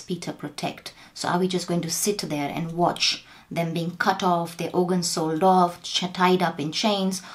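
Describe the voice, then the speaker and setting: A young woman speaking straight to camera in an impassioned, pleading appeal, her voice shaking, sometimes dropping to a hushed whisper. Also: fairly low pitch, creaky. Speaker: vlogger.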